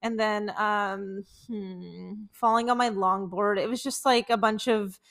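A woman's voice: medium pitch, steady tone, a little slow, a bit bright. A woman in her twenties co-hosting a podcast, telling embarrassing stories in casual chat, full of "like" and laughter. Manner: chatty, many "like"s, laughing while telling stories. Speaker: podcast co-host.

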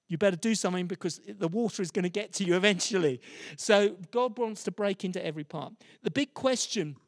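A middle-aged man preaching a sermon, telling stories with frequent restarts and repeated words. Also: high-pitched.

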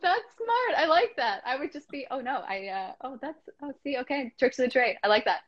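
A woman's voice: high-pitched, lively intonation, a little fast, highs cut off. A woman hosting a casual interview, friendly and laughing often, with short reactions. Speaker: interviewer host.

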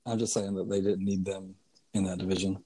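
A man's voice: sits low, level tone, fairly quick, warm tone. A young man co-hosting a casual wrestling podcast, laid-back and swearing, laughing often. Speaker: podcast co-host.

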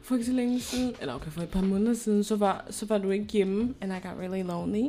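A woman's voice: medium pitch, racing, warm tone, slight background noise. A young woman, a native Danish speaker, co-hosting a podcast in casual chat, teasing and giggly, switching between Danish and English. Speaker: podcast co-host.

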